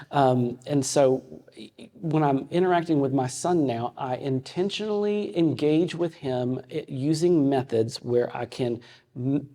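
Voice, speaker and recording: A man in his fifties teaching a ministry audience in a conversational way, telling personal stories with frequent halting restarts. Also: medium pitch, mellow. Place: meeting room with an audience. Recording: long hall reverb.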